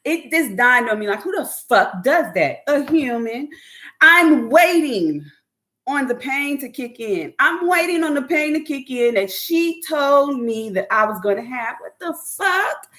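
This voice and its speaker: Woman host, casual and profane, very lively pitch. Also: moderate pace, hardly any pauses. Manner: animated, profane, laughs often, mimics others. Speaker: podcast host. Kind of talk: casual storytelling chat.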